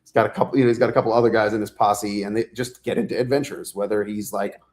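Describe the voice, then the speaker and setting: Low-voiced man, rambling animated storyteller. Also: fast talker. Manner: animated storyteller, acts out quotes, swears freely; loose and rambling with many fillers. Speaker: author guest. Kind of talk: casual interview chat.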